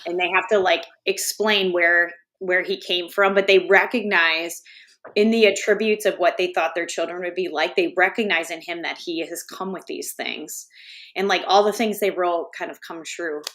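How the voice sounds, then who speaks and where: A middle-aged woman, co-hosting a casual livestream chat and telling family stories with lively laughter. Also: lowish voice, moderate pace. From Wisconsin. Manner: storytelling, animated, laughs at her own stories. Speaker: co-host.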